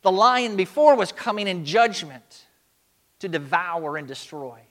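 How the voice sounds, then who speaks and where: A male pastor delivers a sermon in an earnest, emphatic way. His voice sits fairly high for a man and he speaks slowly, drawing out the words he wants to land. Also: expressive.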